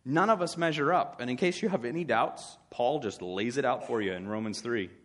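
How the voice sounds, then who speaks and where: A man's voice: medium pitch, a little fast. A man preaching a sermon, conversational and wry, slipping into short acted asides.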